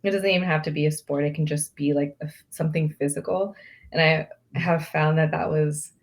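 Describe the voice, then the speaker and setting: A woman's voice: low-pitched, fairly even intonation, brisk. A woman coach in a casual group discussion, speaking thoughtfully with hesitant restarts.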